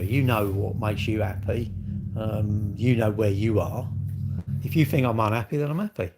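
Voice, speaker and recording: A man's voice: medium pitch, lively intonation, normal speed, creaky, noisy background. A middle-aged man, talking alone on his livestream in a blunt, sweary rant full of rhetorical questions. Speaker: livestream host. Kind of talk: casual ranting monologue.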